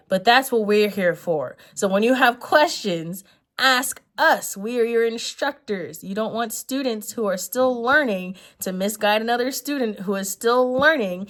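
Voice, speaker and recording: A woman's voice: medium pitch, lightly acted. A woman doing a patient fatherly instructor. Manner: patient, lecturing, reassuring. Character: calm fatherly male instructor giving a group talk.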